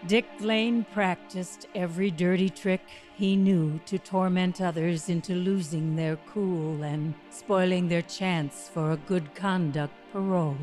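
A woman narrating in a slow, measured, grave manner, her voice sitting somewhat low. Faint music plays beneath the narration. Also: fairly even intonation, darkish tone. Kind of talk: scripted narration.

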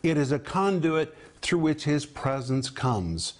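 A man's voice: fairly high pitch, sing-song, slow. An older man hosting a televised Bible teaching, speaking in an earnest, emphatic way as he urges viewers to respond.

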